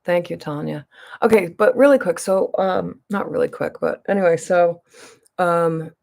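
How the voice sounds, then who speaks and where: A woman's voice: on the low side, moderate pace, vocal fry, darkish tone. A woman vlogger telling a long personal story to her viewers in a rambling, emphatic way, full of restarts and asides. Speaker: beauty vlogger.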